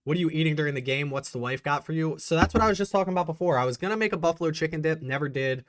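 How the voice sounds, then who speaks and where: A man hosting a casual livestream, chatting excitedly and answering viewers' messages. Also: a little high, racing, no echo, studio quality. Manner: chatty, reads and answers live chat, excitable. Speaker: bourbon channel host.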